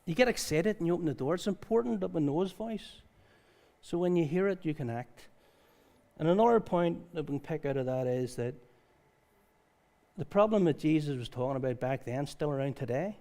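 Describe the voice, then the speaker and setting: At a church service, a pastor whose voice is slightly higher than average gives a conversational sermon at a fairly quick pace. He alternates between reading scripture aloud and telling stories in a lively, informal way.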